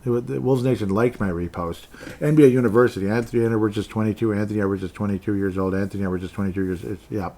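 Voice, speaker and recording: A man with a somewhat low voice hosts a casual solo podcast. He rambles from one thought to the next, muttering to himself and chuckling as he reads out listener comments. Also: very fast, warm tone. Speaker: podcast host.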